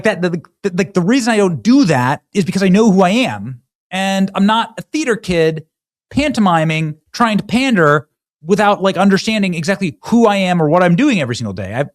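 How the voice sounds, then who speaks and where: Male host from Iowa, sarcastic commentator, lively and animated delivery. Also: sits high. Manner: animated and sarcastic, with loose conversational restarts. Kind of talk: mocking political commentary.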